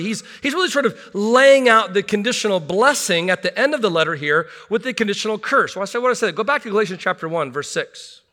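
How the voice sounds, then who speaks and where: Middle-aged male pastor delivering a sermon, high and bright, earnest with wry asides. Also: lively intonation, fast talker, hardly any pauses. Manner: earnest, rhetorical questions, self-deprecating asides. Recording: long hall reverb.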